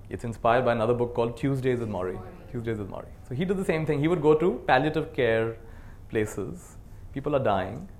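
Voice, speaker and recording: A man's voice: medium pitch, slight background noise. Give me a man teaching meditation to a live group, earnest and emphatic, with a mid-range voice. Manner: earnest, swings between soft and emphatic; leads the audience in call-and-response. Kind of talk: dharma talk to a live group.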